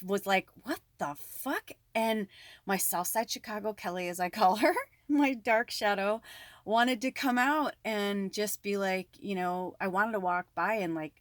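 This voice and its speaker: A woman telling a personal story to her viewers in a casual, animated way, with lots of fillers and frequent swearing. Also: medium pitch, a little slow, dry recording, clean studio sound. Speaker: spiritual medium.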